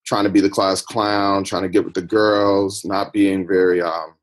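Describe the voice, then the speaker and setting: A man's voice: low voice, flat delivery, normal speed. A man from the United States, a podcast guest, recounting his life story in a reflective, personal way. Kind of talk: interview storytelling.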